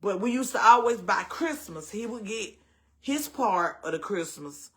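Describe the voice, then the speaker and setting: A middle-aged woman with a Southern US accent hosts a casual storytelling chat, blunt and profane, acting out the voices of people she quotes. Her voice is medium-pitched, expressive, unhurried and a bit bright.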